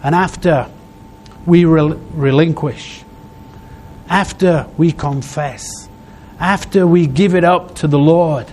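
A man preaching a sermon, heartfelt, in short phrases broken by pauses. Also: fairly high pitch, darkish tone, a little hiss or hum.

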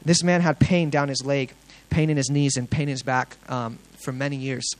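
A young man sharing a testimony with a congregation, telling his story earnestly and excitedly, with plenty of fillers and restarts. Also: mid-range voice, moderate pace, no room sound, low-quality recording.

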